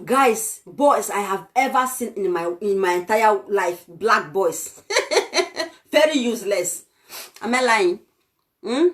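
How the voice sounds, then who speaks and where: High, animated Nigerian woman ranting. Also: measured pace. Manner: heated, scolding, exclamatory. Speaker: vlogger. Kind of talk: ranting vlog monologue.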